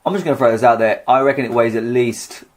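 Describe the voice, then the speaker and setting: A man's voice: medium pitch, fast talker. A man co-hosting a podcast, telling a story casually with wry asides. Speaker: podcast co-host. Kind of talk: casual comedic chat.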